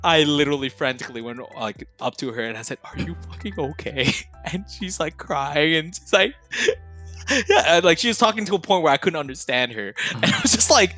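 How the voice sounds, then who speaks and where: A man's voice: on the high side, animated, moderate pace, bright, forceful tone, faint music behind. A young man in his twenties, a streamer on a podcast, telling stories in a loose, slangy, profane way and laughing between phrases. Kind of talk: casual storytelling chat.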